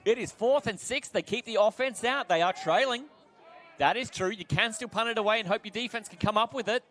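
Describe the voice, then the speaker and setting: A man with an Australian accent calling a game as an excitable play-by-play commentator who climbs to shouts on the big plays. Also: sits high, fairly quick.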